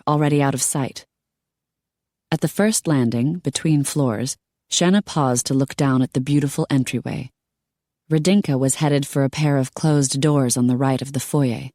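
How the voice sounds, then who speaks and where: A woman narrating an audiobook in a steady storytelling manner. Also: very deep voice, no room sound, clean studio sound. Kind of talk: scripted narration.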